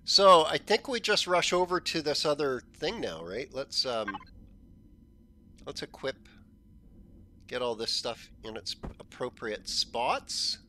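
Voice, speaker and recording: A man hosting a gaming channel, chatting casually as he plays, thinking aloud and often clearing a frog in his throat. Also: mid-range voice, slow, sharp tone, a little hiss or hum. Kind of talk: casual gameplay commentary.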